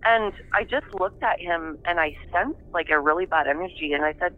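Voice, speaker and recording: A woman giving an interview over the phone, telling her story in a halting, reflective way. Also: fairly low pitch. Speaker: interviewee, daughter of the subject. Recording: narrow tinny phone line.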